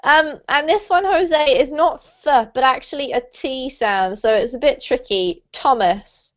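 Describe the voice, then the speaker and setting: A British woman leads an online English pronunciation class, patient and encouraging as she explains. Her voice sits a little high. The audio is muffled, as over a video call. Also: a little slow, fairly bright tone. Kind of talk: online group lesson.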